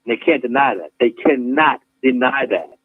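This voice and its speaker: A man's voice: medium pitch, moderate pace. A man speaking as a guest on a talk show, preaching with passion and acting out little scenes in different voices. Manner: preacherly, acts out scenes with many voices, laughs often. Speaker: guest activist. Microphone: phone call. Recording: tinny phone line, dry.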